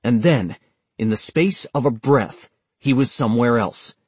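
Male audiobook narrator, husky and dry, steady measured read. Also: mid-range voice, dry recording. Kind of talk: scripted narration.

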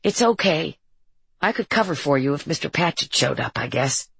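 A woman's voice: low-pitched, expressive, creaky, a bit bright, breathy edge, no room sound, exaggerated voice. Woman voicing an earnest troubled teenage boy. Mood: anxious. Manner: earnest, halting confessional telling.

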